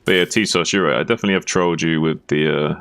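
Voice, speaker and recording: A man's voice: rumbling low, steady tone, fast, a bit bright. A man streaming a game, chatting casually with friends and explaining his point at length, often restarting his sentences. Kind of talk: casual chat while gaming.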